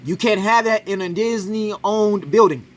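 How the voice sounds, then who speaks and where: Guy ranting at a sports clip, high-ish voice, keeps going "right?". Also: a little slow, slight background noise. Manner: argumentative, keeps adding "right?". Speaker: commentator reacting to a sports clip. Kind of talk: casual reaction commentary.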